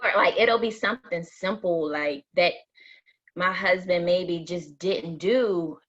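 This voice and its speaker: Woman, reflective panel talker, laughs easily; bright but raspy voice, muffled lo-fi audio. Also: fairly low pitch, slow. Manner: reflective, candid, laughs often. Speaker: mom and educator in panel talk. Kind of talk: casual group conversation. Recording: dull, husky lo-fi sound.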